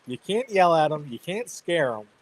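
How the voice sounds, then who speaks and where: A man's voice: on the high side, sing-song, moderate pace, a little hiss or hum, low-quality recording. A man in his thirties hosting a stream, chatting casually about parenting and laughing often. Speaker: livestream host. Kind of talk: casual chat.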